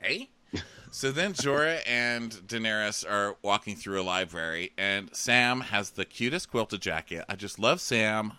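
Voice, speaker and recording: A man's voice: measured pace, clean tone, no room sound. A man co-hosting a podcast, chatting casually and animatedly about a TV episode. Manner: animated, jumps into high silly voices for characters. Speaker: podcast co-host. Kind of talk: casual recap chat.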